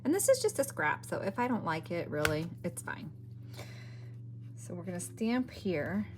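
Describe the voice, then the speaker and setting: A woman's voice: fairly low pitch, very animated, normal speed, noisy background. A woman hosting a crafting video, thinking aloud as she works and muttering half to herself. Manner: talks to herself while working, trailing off and muttering. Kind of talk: casual crafting commentary.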